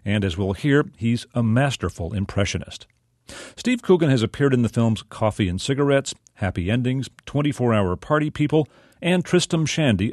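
A man reading a scripted radio introduction in a smooth, measured way. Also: on the low side, a little mellow, dry recording, clean studio sound. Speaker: radio announcer.

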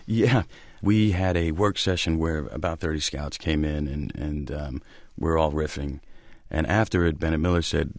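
A man with a very low voice answers interview questions as an actor guest, thoughtful and hesitant with frequent ums. The sound is dry and close. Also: moderate pace, few pauses, no echo. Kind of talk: interview talk.

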